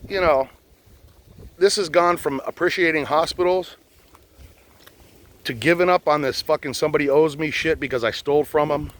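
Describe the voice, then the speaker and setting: A man's voice: on the high side, fairly even intonation, normal speed, pauses often, a bit bright. An older man, a retired police officer, ranting bluntly and profanely to the camera while out on a boat in a swamp. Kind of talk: outdoor rant.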